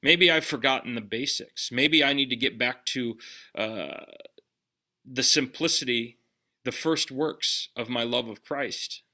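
A man preaching a sermon in a conversational way, putting direct questions to his listeners and dropping his voice low on key lines. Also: unhurried, sharp tone. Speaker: pastor.

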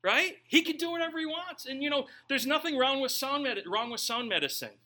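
A man's voice: very high voice, lively intonation, fairly quick, pushed and bright. A young man preaching a conversational sermon, reading scripture and then telling stories with joking asides. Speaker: pastor.

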